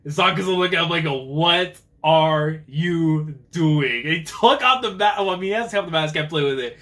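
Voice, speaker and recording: Excitable young man reacting to manga. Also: high voice, racing. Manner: excitable, slangy, reads panels aloud and voices characters. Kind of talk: live reading reaction.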